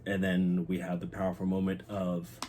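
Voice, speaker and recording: A young man with a very low voice talks through a TV episode in a loose, excited vlog style. He swears freely and turns heartfelt, and a faint hiss sits under his voice. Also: normal speed. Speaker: channel host. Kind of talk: casual episode recap.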